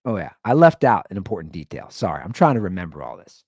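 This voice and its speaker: A man's voice: deep voice, sing-song, fast talker, darkish tone, no room sound, clean studio sound. A man hosting a comedy podcast, telling a story and acting out both sides of the argument.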